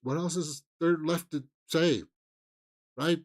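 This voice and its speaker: A man's voice: on the high side, takes it slowly. Rambling man hosting a movie news channel. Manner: rambling, frequent fillers and restarts, sighs and chuckles. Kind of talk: casual movie news commentary.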